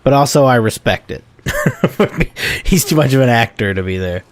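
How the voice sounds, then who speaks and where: A man's voice: medium pitch, sing-song, moderate pace. A man hosting a gaming video, rambling casually in let's-play commentary and correcting himself as he goes. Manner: rambling, chatty, self-correcting.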